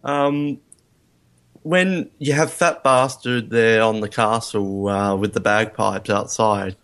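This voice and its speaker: A man's voice: fairly low pitch, fairly even intonation, slow, fairly bright tone. A man in a casual film review chat, rambling and hesitant with many ums. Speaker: podcast co-host.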